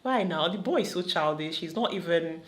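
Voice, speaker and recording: A woman with a Nigerian accent giving animated, opinionated commentary on a reality show, slipping into Pidgin. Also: lowish voice, normal speed. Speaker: vlogger reacting to a reality show. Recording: roomy echo.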